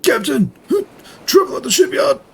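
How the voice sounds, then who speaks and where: A man voicing a wounded young male soldier in a fantasy game, speaking in a breathless, urgent, high and strained way. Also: big pitch swings, normal speed, vocal fry, a bit bright, full character voice. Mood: panicked.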